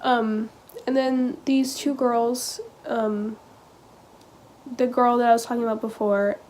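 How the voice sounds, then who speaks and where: A teenage girl vlogging, telling a personal story in a halting, casual way full of "like" and "um.". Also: on the high side, level tone, a little mellow. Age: teens. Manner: hesitant, halting, heavy use of "like" and "um".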